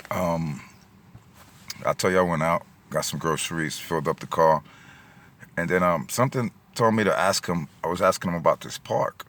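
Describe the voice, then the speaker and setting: Deep-voiced New York man rambling. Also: a bit bright, a little hiss or hum. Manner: rambling, emotional, lots of fillers and asides. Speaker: vlogger. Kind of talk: casual storytelling vlog. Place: in and around his car at a gas station.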